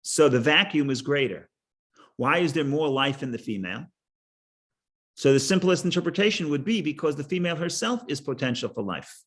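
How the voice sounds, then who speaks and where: A man teaching a Torah class, halting, repeating words and restarting, and explaining with stories and jokes. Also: on the high side, expressive, a bit bright.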